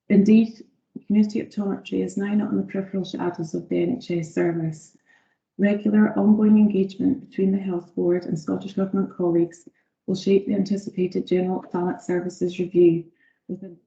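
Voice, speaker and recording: A woman's voice: on the low side, gravelly, dark tone. A woman giving a formal presentation as optometry lead to a health board, reading prepared text with some fillers. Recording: echoey dull video call audio.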